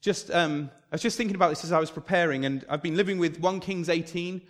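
A man preaching a sermon, telling Bible stories with animated storytelling and acting out the figures. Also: on the high side, quick pace.

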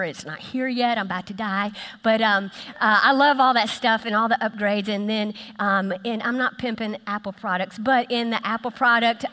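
A pastor's wife giving a lively, playful sermon, teasing the congregation as she speaks. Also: medium pitch. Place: church sanctuary. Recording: echoey church hall.

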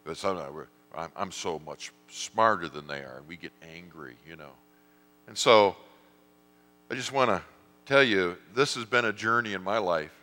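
Animated preacher in a reverberant hall. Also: male voice, deep voice, normal speed. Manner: animated storytelling, acts out voices in stories. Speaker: pastor. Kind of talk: sermon.

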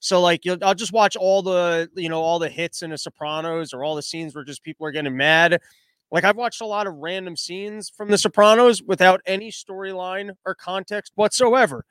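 Comedian host, male, high-pitched, crude rambling monologue, dry close sound. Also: moderate pace, fairly bright tone, clean tone, no echo. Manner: rambling, crude, self-interrupting.

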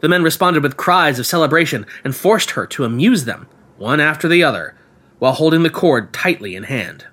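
A man narrating folk ghost tales in a measured, dramatic storytelling manner. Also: fairly high pitch, a bit bright. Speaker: podcast storyteller.

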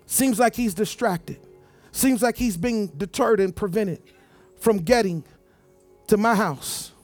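A man's voice: high voice, dry recording. A man preaching a sermon, emphatic, repeating words and phrases as he talks straight to the congregation.

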